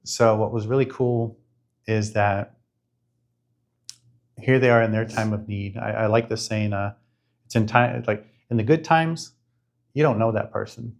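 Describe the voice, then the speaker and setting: A man's voice: on the low side, fairly even intonation, normal speed, creaky, long pauses. A middle-aged man frankly recounting his life in a conversation, reflective and swearing casually. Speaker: guest sharing his life story. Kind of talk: candid conversational storytelling.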